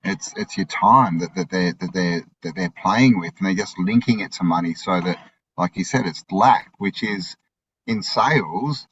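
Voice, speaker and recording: A man's voice: sits low, normal speed, fairly bright tone, lo-fi sound, a little hiss or hum. A man talking in casual conversation, rambling with frequent restarts and tag questions.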